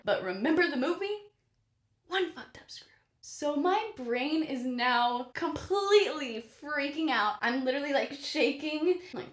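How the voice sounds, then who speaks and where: A young woman vlogger telling a funny story in a casual, animated way, swearing often and exaggerating for comic effect. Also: a little high, reverberant.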